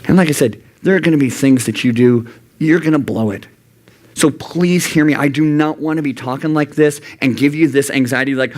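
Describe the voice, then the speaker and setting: A young adult man serving as youth pastor preaches briskly and earnestly in a church youth room. He keeps jumping into high, animated voices whenever he quotes God or himself.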